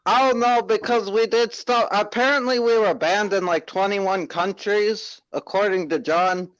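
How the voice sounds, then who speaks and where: A man's voice: high voice, fairly even intonation, a little slow, a bit bright, highs cut off. A man in casual chat who sounds laid-back and a little unsure.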